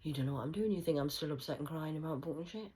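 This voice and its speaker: A woman rambling through a stream-of-consciousness monologue, punning and swearing, swinging between hushed whispers and loud outbursts. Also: low voice, very fast, a little hiss or hum, low-quality recording. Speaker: vlogger.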